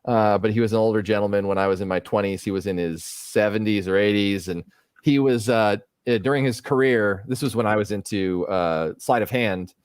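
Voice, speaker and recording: A man's voice: fairly low pitch, a little fast, clear, resonant tone, dry recording, studio quality. A middle-aged man hosting a casual live stream, thinking aloud as he works, rambling with fillers. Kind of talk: casual livestream chat while working.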